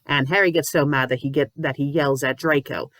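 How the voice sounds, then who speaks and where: A woman with covid reviewing fanfiction in a comedic, exasperated rant, sometimes breaking into shouts. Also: deep voice, steady tone, brisk, dry recording. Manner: exasperated, ranting, bursts into shouting; says "bloody" often. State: sick with covid, a little loopy.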